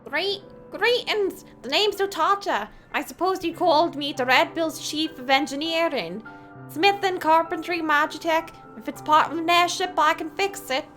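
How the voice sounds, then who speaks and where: A woman voicing a chipper airship chief engineer in a bright, bouncy, emphatic way. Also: very high-pitched, moderate pace, soft background music, pitched above the performer's own voice.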